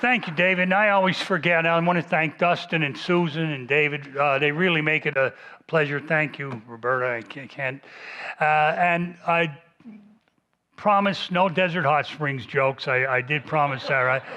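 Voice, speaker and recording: A man's voice: a little high, moderate pace, sharp tone, lo-fi sound. A retired history professor in his seventies giving a public lecture to a large audience, rambling and joking at his own expense. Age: 70s. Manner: self-deprecating, rambling, joking. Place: large library hall before a big audience. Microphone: stationary mic at a lectern.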